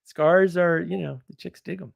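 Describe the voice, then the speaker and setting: A man's voice: high voice, steady tone, creaky, muffled recording. Rambling, opinionated man on a livestream. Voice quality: rambling, opinionated, quick shifts in loudness. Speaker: livestream host. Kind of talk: casual livestream chat reading viewer comments.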